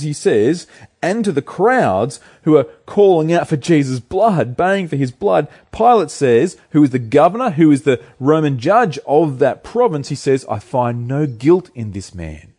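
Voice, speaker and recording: A man's voice: on the high side, darkish tone, husky. A man preaching an earnest, emphatic sermon, asking his listeners rhetorical questions.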